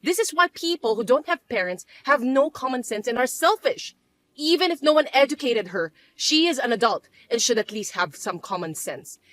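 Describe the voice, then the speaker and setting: A woman voicing a scheming, bossy middle-aged mother-in-law who talks in a shrill, accusing way. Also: expressive, moderate pace, fairly bright tone, no echo. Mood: indignant. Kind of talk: dramatized story voice acting.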